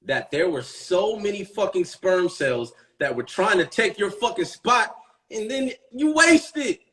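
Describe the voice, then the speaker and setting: A boastful man in his thirties rambles to his viewers on a live stream, pitched a little high. He swears constantly and swaggers, jumping from loud outbursts to quiet, mumbled asides. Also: animated, a little slow. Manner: profane, swaggering and boastful, swinging between loud and hushed. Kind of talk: casual live-stream monologue.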